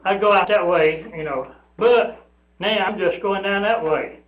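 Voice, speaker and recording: Older man, high voice, slow rambling public comment; echoey hall, lo-fi sound. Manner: rambling, aggrieved, repeats himself. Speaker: public commenter at county meeting. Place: county meeting room. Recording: echoey room, dull lo-fi sound.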